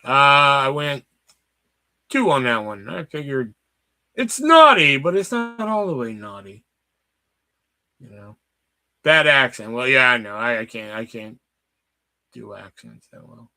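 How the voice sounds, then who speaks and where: A man's voice: mid-range voice, lively intonation, measured pace, pauses often, bright, forceful tone, dry recording, studio quality. A man hosting a casual livestream, joking crudely with viewers and swearing often. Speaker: livestream host.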